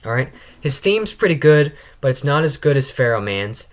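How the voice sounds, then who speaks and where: A man's voice: medium pitch, very animated, moderate pace. A young man hosting a casual tier-list video, talking loosely with frequent stutters, restarts and tag questions. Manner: stutters and restarts often, keeps adding "all right?". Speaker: channel host ranking video game characters.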